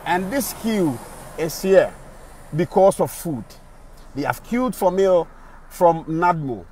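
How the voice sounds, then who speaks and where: A man's voice: high-pitched, expressive, slow, mellow, breathy edge. A Ghanaian man, a radio presenter, giving indignant on-the-spot video commentary on a city street, repeating rhetorical questions.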